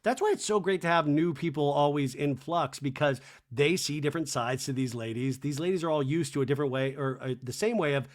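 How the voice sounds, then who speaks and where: A man's voice: a little high, a little fast, hardly any pauses. Chatty, sarcastic man with a raised voice. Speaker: podcast host recapping a reality show. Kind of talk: casual recap chat. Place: home in Los Angeles.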